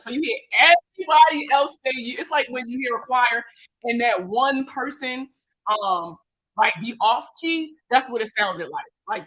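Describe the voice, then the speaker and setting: A Baltimore-accented woman runs a casual livestream Q&A on credit. Her voice is bright, sits a touch high and carries a husky edge. She talks in an animated, slangy way and jokes with her viewers as she goes. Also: low-quality recording. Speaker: credit repair consultant.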